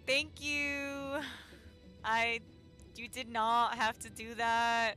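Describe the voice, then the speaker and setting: A woman's voice: fairly high pitch, extremely slow, sharp tone, soft background music. A young woman streamer chatting casually with viewers, giggly, flustered and emotional. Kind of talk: casual live-stream chat.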